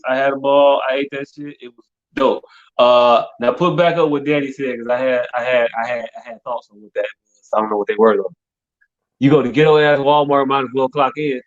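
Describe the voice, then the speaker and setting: A middle-aged man, telling rambling, profane stories as a podcast co-host and repeating "hey, look" often. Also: mid-range voice. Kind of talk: casual comedic chat. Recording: dull lo-fi sound.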